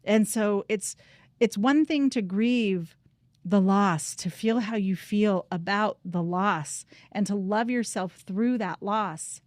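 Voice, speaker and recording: A middle-aged woman speaking earnestly and from the heart, leading listeners through a calm guided practice. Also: medium pitch, slow pace, no room sound, clean studio sound. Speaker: grief coach and host. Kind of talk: reflective personal talk and guided practice.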